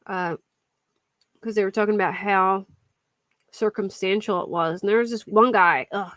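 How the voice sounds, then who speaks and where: A woman's voice: medium pitch, fairly even intonation, moderate pace, long pauses, a bit bright, no echo. A young woman hosting a casual true-crime live stream, chatting and answering viewers at her desk mic. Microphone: desk mic at a computer.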